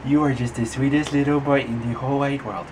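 A man's voice: medium pitch, steady tone, brisk, noisy background. A young man filming a casual family vlog at home on a handheld camera, joking around and cooing at his little sons. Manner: playful, silly voices, baby talk to his sons. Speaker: vlogger dad.

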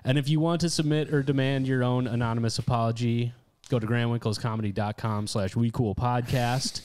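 A man's voice: mid-range voice, steady tone, darkish tone, clear, resonant tone. A man co-hosting a podcast in casual chat, swearing freely and often restarting sentences. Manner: chatty, profane, halting restarts. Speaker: podcast co-host.

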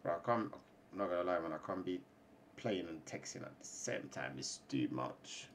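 A man streaming a mobile game live, loudly taunting other players and laughing, then muttering quietly to himself. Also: low-pitched, expressive, normal speed, noisy background. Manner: loud taunting trash talk with laughter, then quiet mumbling. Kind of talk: live gaming stream chat.

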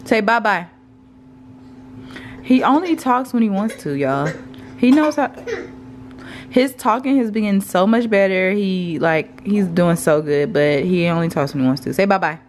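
Chatty young mom vlogging at home. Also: female voice, mid-range voice, expressive, moderate pace, darkish tone, a little hiss or hum. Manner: chatty, laughing, mixes in baby talk. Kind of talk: casual vlog chat to camera.

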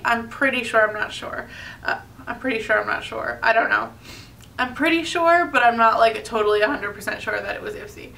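A woman's voice: fairly high pitch, sharp tone, distant mic. A young woman chatting casually and gushing as she reviews beauty products, with lots of fillers and self-corrections. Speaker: beauty vlogger.

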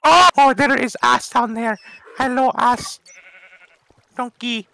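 A man doing a high, gravelly silly kid voice. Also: slow pace, pushed and bright, no room sound, exaggerated voice, low-quality recording. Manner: broken, childlike grammar and silly non-sequiturs. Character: naive, rambling young boy playing a video game. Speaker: game commentator. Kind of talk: comedic gameplay commentary.

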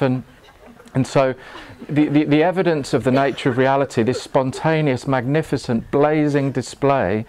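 A man in his forties speaks to a seated group in a room. He talks in an earnest, halting way, stumbling over restarts and breaking into laughter, with a voice of ordinary middle pitch for a man. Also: darkish tone, a little hiss or hum. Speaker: meditation teacher. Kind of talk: live talk to a group. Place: room with an audience.

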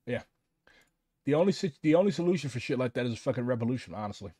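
Profane young man from Missouri on a casual livestream, animated ranting, mid-pitched voice, dry close sound. His speech is peppered with swearing and sudden jumps in energy. It comes across as direct and unpolished. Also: quick pace, husky, no echo. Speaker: streamer.

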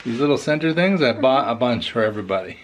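A man's voice: mid-range voice, lively intonation, quick pace, a little hiss or hum. A man, chatting casually as a vlogger at a horse barn. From Canada. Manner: chatty, explains as he goes. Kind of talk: casual vlog talk.

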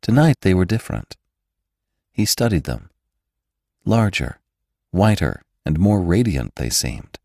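Deep-voiced man narrating a classic novel. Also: no echo, studio quality. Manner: measured, expressive storytelling. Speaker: narrator and podcast host. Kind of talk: scripted audiobook narration.

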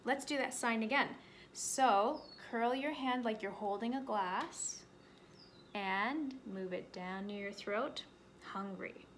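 Lady librarian doing kids storytime, slow encouraging teacher voice, a bit high. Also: slight background noise. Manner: gentle, encouraging teacher talk. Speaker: children's librarian. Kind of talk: children's storytime with sign language.

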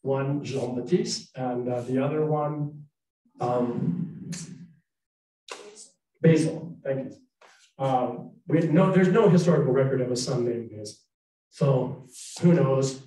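A man tells history to an audience in a loose, conversational way and now and then reads aloud from old journals. His voice is warm and dark in tone. He sits well back from the microphone, and the hall around him rings with heavy echo. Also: medium pitch, takes it slowly, long pauses. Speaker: historical storyteller. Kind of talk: public history talk. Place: arts center hall. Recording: very echoey hall from far off.

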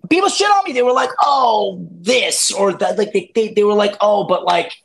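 This man in his thirties has a high-sitting, gravelly, slightly bright voice with lively intonation and a moderate pace. Raised by immigrant parents and once a reality show contestant, he's an interview guest in casual chat, rambling profanely with fillers and acted-out quotes.

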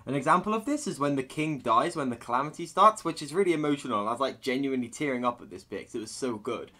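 A man's voice: mid-range voice, expressive, quick pace, sharp tone. A young man giving a casual, sweary, sarcastic video game review. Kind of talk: casual ranting commentary.

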